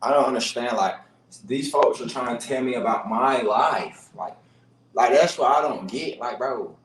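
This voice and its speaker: A man's voice: mid-range voice, moderate pace, roomy sound, slight background noise, low-quality recording. A man in his twenties talking casually on a livestream, exasperated and repeating himself, swearing a lot. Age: 20s. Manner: exasperated, repetitive, heavy cursing.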